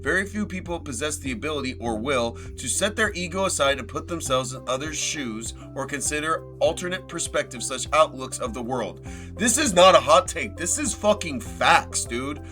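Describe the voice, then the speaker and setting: A young man hosts a live stream, reading posts aloud and reacting with loose, profane banter. His voice is bright and forward, it rises and drops sharply between loud outbursts and quiet asides, and faint music plays underneath. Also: fairly high pitch, normal speed. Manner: animated, swings loud and soft, swears casually, jokes with chat. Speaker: livestream host.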